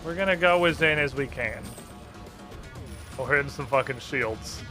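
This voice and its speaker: A man streaming a game, chatting casually and excitably, swearing now and then. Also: medium pitch, normal speed, faint music behind. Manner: excitable, swears casually, baby-talks to a puppy.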